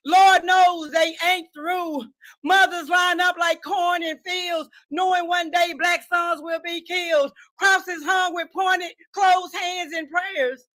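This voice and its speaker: A woman with a raspy voice performing spoken word poetry slowly on a bookshop stage, shouting out many lines. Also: high-pitched. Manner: slow and declaiming, with shouted lines. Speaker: opening poet.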